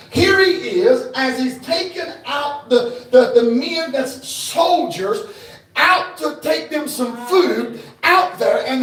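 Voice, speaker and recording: A man preaches to his congregation in a high, ringing voice, shouting out his points with great fervor. He sounds distant from the mic, and his voice booms around a large echoing church hall. Soft music plays behind him. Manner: fervent, shouting preacher who acts out the scripture characters. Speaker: pastor. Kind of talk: shouted revival sermon.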